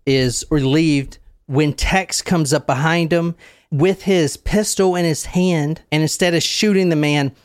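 A man's voice: fairly high pitch, a little slow, no room sound, studio quality. A man hosting a true crime discussion, telling events vividly and acting out the quoted screams. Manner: animated, acts out screams and quotes. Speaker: host.

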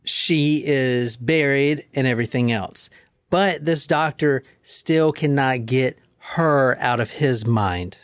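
A woman hosting a podcast, telling a true-crime story in casual chat, animated and swearing casually. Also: slow pace, smooth, dry recording, clean studio sound. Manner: animated, swears casually, drops to low emphasis.

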